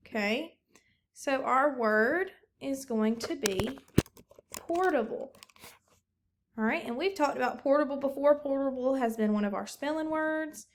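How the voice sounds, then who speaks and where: A woman teacher giving a recorded phonics lesson, talking slowly and encouragingly to young pupils. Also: a little high.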